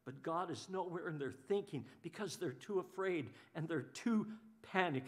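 A pastor preaches a sermon in a voice notably high for a man, at normal speed. Animated and expressive, he slips into the voices of the people he describes. He often repeats a word or two before moving on.

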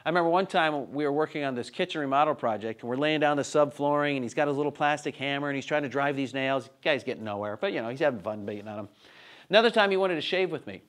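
A man's voice: mid-range voice, fast talker, a bit bright. A man in his thirties teaching students in a classroom, telling playful family stories and acting them out. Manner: playful, acts out voices and gestures. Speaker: speaker teaching a college-prep session.

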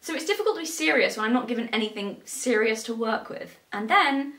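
British woman host, sarcastic and theatrical, higher voice; distant mic, echoey. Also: lively intonation, fairly quick, a bit bright. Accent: British English. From Britain. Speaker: commentary video host. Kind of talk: sarcastic commentary. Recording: roomy echo, distant mic.

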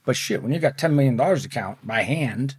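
A man relates his story casually in an interview, full of profanity and animated impressions of the people he quotes. His voice is medium-pitched and husky, a little fast, with clean studio sound and no echo.

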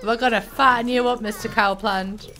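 A woman's voice: a little high, fairly even intonation, moderate pace, noisy background. A woman in her twenties from northern England with a Northern English accent, giving playful, chatty commentary while playing a game. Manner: chatty, playful, jokey asides to the viewer. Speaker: gaming YouTuber. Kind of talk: casual let's-play commentary.

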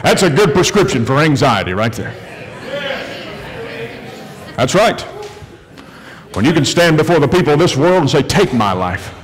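Male pastor, sermon, fairly high voice, hushed to shouting, long church-hall reverb. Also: expressive, moderate pace, pauses often. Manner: preaching with big swings from hushed to shouted. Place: church sanctuary during worship service.

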